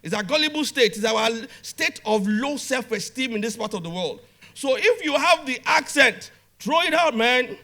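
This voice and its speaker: A man's voice: very high voice, animated, a little slow, gravelly, bright, forceful tone. A man speaking at a business conference, emphatic and direct, repeating phrases and calling out to the audience. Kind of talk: motivational conference talk. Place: conference hall.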